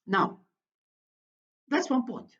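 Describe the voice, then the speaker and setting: An older woman telling a story to her viewers in a slow, deliberate monologue, often repeating her phrases, on a dull lo-fi recording. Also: on the high side, very animated, a bit bright. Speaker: commentator.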